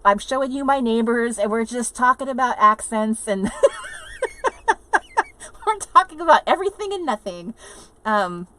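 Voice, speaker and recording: A woman's voice: fairly high pitch, expressive, moderate pace, sharp tone, slight background noise. A woman hosting a casual livestream from inside an RV, rambling chattily, laughing often and reading viewer comments aloud. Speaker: livestream host. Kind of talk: casual live chat with viewers.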